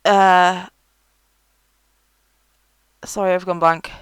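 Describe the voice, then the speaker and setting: Smooth-voiced woman vlogging. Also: fairly low pitch, little pitch movement, extremely slow, dry recording, low-quality recording. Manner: frank and chatty, with many fillers. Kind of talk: casual advice vlog.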